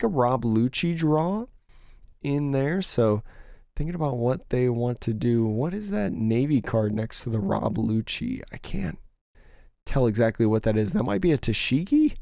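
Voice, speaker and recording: A man's voice: medium pitch, animated, a little slow, gravelly, dark tone, no room sound, studio quality. A young man giving casual solo commentary on a card game match, thinking aloud through each player's options, his voice a little worn. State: slightly losing his voice. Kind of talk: solo play-by-play commentary over a stream.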